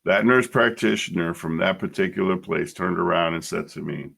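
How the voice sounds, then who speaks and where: Man, middle-aged, very low voice, gravelly, blunt, emotional, swears, personal podcast monologue. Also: fairly even intonation, brisk, hardly any pauses, a bit bright. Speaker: podcast host.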